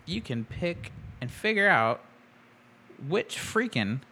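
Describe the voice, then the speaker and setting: Man, podcast co-host, casual chat, unhurried, bright tone, playful. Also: on the high side, big pitch swings, vocal fry. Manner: playful, laughs often.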